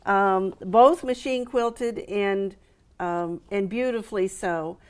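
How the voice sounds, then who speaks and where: A middle-aged woman with an American accent chats about a show she runs, her pitch sitting in the middle range. She talks eagerly, stacking details with frequent fillers and little restarts. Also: takes it slowly, darkish tone, smooth. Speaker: quilt show executive director. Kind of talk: relaxed interview chat.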